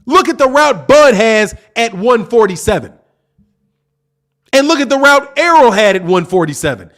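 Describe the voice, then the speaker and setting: Boxing channel host: man with a high, animated voice, combative and profane opinion rant. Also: moderate pace. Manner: argumentative, profane, repeats points for emphasis.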